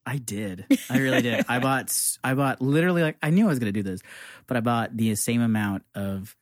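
A man co-hosting a casual chat show from a small studio, telling stories in an animated way and acting out what people said. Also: medium pitch, fairly quick, no echo. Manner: animated storytelling, acts out quotes. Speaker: co-host and producer.

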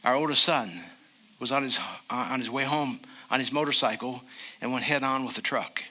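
An older man preaching a sermon as a pastor, emphatic, and slowing down to stress key phrases. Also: medium pitch, fairly even intonation, sharp tone.

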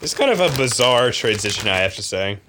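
A man's voice: lowish voice, big pitch swings, fairly quick, bright, forceful tone, slight background noise. A man co-hosting a casual podcast about a novel, joking around and laughing often, with plenty of fillers. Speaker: podcast co-host.

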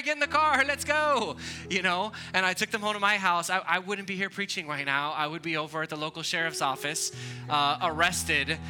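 A man, preaching a sermon in a conversational, animated storytelling way. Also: on the high side. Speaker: pastor.

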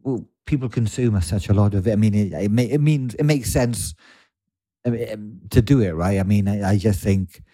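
A male podcast host with a low, mellow voice speaks casually. He stumbles and repeats words, and the recording is dry and close with no room sound. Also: normal speed, no room sound. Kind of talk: casual chat.

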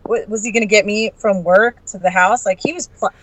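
Give me a woman podcast guest telling a story, brash and profane, animated. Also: mid-range voice, fairly quick, no echo, low-quality recording. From Arizona.

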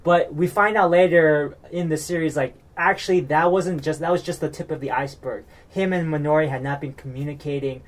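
A man's voice: on the high side, fairly even intonation, fairly quick, hardly any pauses. A man from the United States chatting casually, rambling with lots of fillers and restarts and getting worked up as he recaps a reality show.

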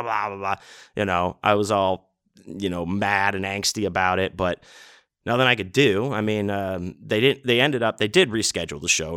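A man's voice: sits low, fairly bright tone, dry recording, studio quality. A man hosting his podcast, telling a rambling story casually with lots of fillers and swearing. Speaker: podcast host. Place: home setup in a city apartment.

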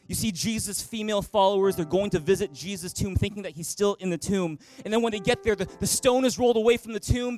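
A man with a notably high voice preaches from a church stage, passionate and insistent. He hammers his points home with repeated rhetorical questions, and soft music plays faintly behind him. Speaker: pastor. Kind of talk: sermon.

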